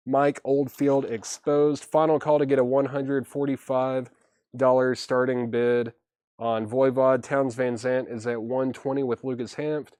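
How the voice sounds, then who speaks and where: A man with a mellow, darkish voice runs a live stream record sale, calling out titles, bids and prices in quick casual patter. He is recorded close and dry, with no room sound around him. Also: medium pitch, no echo. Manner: brisk listing of items and prices, thinking aloud.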